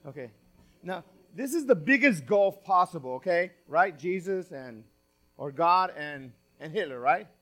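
Male pastor, sermon, high voice, emphatic scripture reading, loud-to-quiet swings. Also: animated, unhurried. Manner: reads scripture aloud with dramatic stress.

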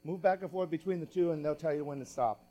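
A man preaching a sermon as pastor, reading scripture aloud with dramatic stress and swinging from loud emphatic lines to quiet asides. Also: on the high side, fast talker.

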